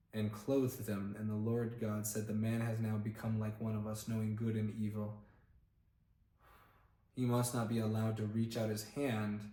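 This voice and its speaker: A man's voice: fairly low pitch, warm tone. Casual man reading scripture aloud in an echoey room. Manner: reads aloud with plain emphasis, stops to look up words and comment. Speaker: Bible reader and channel host. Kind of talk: casual Bible reading on camera. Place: indoor room, filmed on camera.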